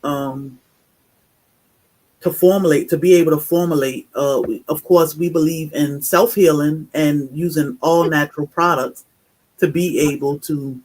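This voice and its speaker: A woman guest on a casual live stream, speaking earnestly about her product and pausing often with fillers. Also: deep voice, steady tone, darkish tone, a little hiss or hum. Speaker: guest, natural product maker.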